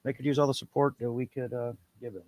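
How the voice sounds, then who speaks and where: Swearing freely and rambling crudely, another male co-host spins stories in casual talk-show chat. His mid-range voice keeps a level tone at a fast clip.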